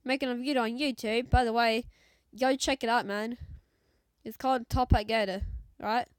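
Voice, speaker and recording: A woman with a put-on British accent giving loud, excitable, slang-heavy commentary on a mobile game. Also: a little high, normal speed, no room sound. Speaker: gaming YouTuber.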